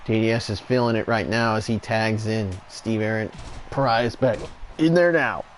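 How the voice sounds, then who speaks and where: A man doing relaxed, chatty play-by-play commentary over a wrestling video game, going off on tangents now and then. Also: lowish voice, normal speed, a little hiss or hum.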